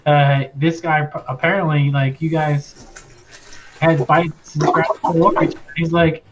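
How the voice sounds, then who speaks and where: Rambling game master, slightly high voice. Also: male voice, little pitch movement, moderate pace, a little hiss or hum. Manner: loose and rambling, many fillers. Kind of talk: narrating a tabletop game. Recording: lo-fi with faint music.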